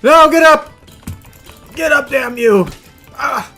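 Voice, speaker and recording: A man streaming a game, shouting, swearing and laughing in bursts between dry asides. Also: very high-pitched, takes it slowly, creaky, faint music behind. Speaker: gaming streamer. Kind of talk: live gameplay commentary.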